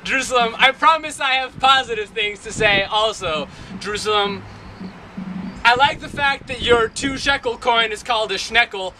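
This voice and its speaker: A man's voice: very high voice, normal speed, pushed and bright, slight background noise, poor audio. A man performing spoken word poetry in a wry, rhythmic way, repeating a refrain, recorded outdoors in a city. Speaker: poet.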